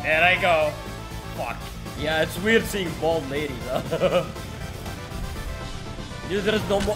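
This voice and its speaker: A young man streaming a video game, excitable and swearing, laughing often as he comments casually. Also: fairly high pitch, takes it slowly, pauses often, music in the background.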